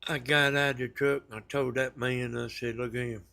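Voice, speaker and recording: Southern man vlogger, mid-pitched, folksy rambling storyteller. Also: little pitch movement, normal speed, gravelly, sharp tone. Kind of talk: casual storytelling to viewers.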